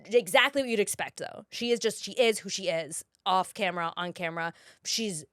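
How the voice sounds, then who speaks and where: A woman's voice: mid-range voice, a little fast, a bit bright, no echo, studio quality. A woman in her thirties, an actress guest, chatting animatedly on a podcast, laughing often and restarting her sentences. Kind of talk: casual podcast chat.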